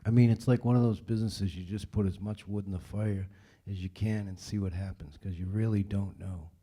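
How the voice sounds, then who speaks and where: Low, husky-voiced man. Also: fairly quick. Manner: relaxed, rambling, frequent fillers. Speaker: director answering audience questions. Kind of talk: casual panel Q&A talk.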